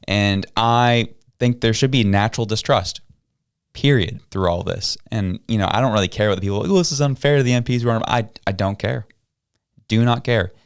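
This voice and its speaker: A man's voice: fairly low pitch, normal speed, clean tone, dry recording, clean studio sound. A male podcast host, giving heated, emphatic political opinions.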